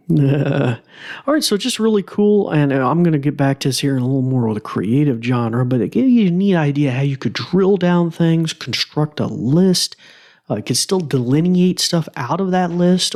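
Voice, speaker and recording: A man's voice: on the high side, expressive, moderate pace, darkish tone. A man hosting a podcast in a casual, rambling, enthusiastic way, often repeating himself as he talks through a demonstration. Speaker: podcast host. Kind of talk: casual podcast talk, demonstrating a smart speaker.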